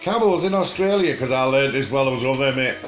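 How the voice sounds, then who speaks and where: An older man with a broad Teesside accent, rambling jokily in casual chat to camera and pausing often on fillers. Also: medium pitch, animated, roomy sound, soft background music, poor audio. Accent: Teesside English. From England. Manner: rambling, jokey and chatty, with frequent filler pauses. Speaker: vlogger.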